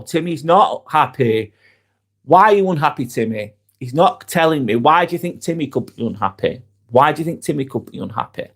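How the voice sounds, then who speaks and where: A man hosting a live stream, talking candidly and bluntly, swearing freely and reading out viewer comments as they come in. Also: mid-range voice. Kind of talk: casual live-stream chat.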